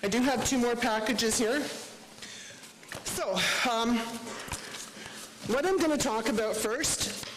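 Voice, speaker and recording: Woman, animal rescue rep, council presentation, chatty, fairly high voice, faint noise. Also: takes it slowly, long pauses. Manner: chatty, loose, with many fillers. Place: council chamber.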